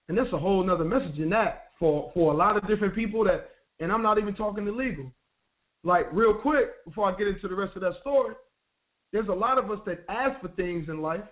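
High-voiced man telling stories over phone. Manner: conversational, street slang, frequent restarts. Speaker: radio show guest. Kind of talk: personal storytelling. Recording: tinny phone line.

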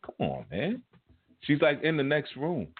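A man teaching a spiritual class, telling stories in a casual, animated, colloquial way. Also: a little high, unhurried, a little hiss or hum. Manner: animated, colloquial, chuckles mid-story. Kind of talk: casual storytelling lecture. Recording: phone-like narrow band audio.

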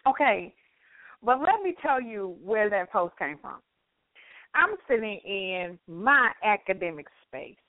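A woman co-hosting a casual talk show, a teacher telling a story with lively acted-out voices. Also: mid-range voice, unhurried, no room sound. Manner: animated storytelling, acts out voices. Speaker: co-host. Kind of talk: casual radio chat. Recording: dry phone-line audio.

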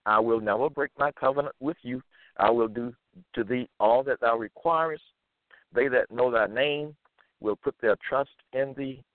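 A man reading scripture verses aloud and commenting on them, slowly repeating phrases with fillers between them. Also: medium pitch, no room sound. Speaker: self-styled preacher. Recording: tinny phone-like line.

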